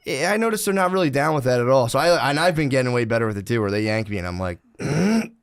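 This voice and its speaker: Fast-talking man telling profane stories. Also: medium pitch, expressive, clean tone, dry recording, clean studio sound. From Philadelphia area. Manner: profane, storytelling, bursts into yelling impressions. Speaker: podcast co-host. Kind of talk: casual chat.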